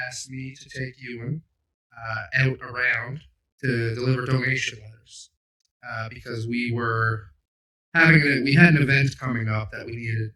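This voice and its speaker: Bright-voiced man telling stories. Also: mid-range voice. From Cape Breton, Canada. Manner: rambling, self-mocking storyteller with frequent fillers. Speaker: podcast host. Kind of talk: casual storytelling chat. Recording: roomy sound, mic at a distance.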